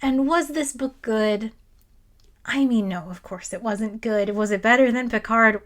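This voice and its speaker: A woman's voice: on the high side, unhurried. A woman hosting a video essay, who talks with sarcastic exasperation and quotes others in mock voices.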